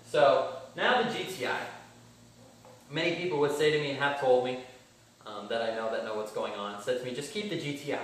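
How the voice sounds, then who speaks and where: A man's voice: mid-range voice, fairly bright tone. A man telling a car-buying story in a casual vlog, blunt and swearing, acting out both sides of his conversations. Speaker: car vlogger. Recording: very echoey room, mic at a distance, faint background hum.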